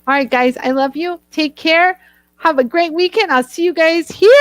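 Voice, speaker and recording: Chatty bubbly woman hosting a live craft stream, high voice, dry close sound. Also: normal speed, dry recording. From northern United States. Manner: bubbly, gushing, chatty, laughs often. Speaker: host of a live jewelry tool demo stream. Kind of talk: casual live-stream chat with viewers.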